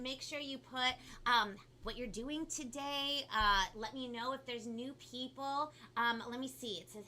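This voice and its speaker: A bubbly, fast-talking woman with a Californian Valley girl lilt hosts a children's live stream. Her voice is bright and forward. A faint hiss of background noise sits under the recording. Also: sits high. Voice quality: talks a lot and fast, bubbly. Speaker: kids' show host.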